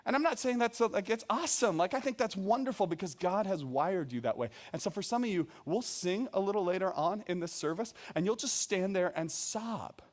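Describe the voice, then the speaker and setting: A young adult man preaching a sermon to a young adults service, telling stories about himself in an animated, self-deprecating way. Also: high voice, brisk, few pauses.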